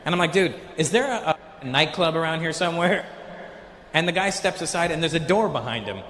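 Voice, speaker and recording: Animated stand-up comic, echoey stage. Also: male voice, a little high, brisk. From Canada. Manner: animated storytelling, acting out accents of people in the story. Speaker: stand-up comedian. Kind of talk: stand-up comedy routine. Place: theater stage with an audience. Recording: echoey live venue with faint noise.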